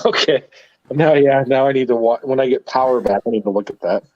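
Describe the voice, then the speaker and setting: A man co-hosting a casual comics chat who talks in quick restarts. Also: mid-range voice, a little mellow, highs cut off. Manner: chatty, frequent restarts. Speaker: co-host.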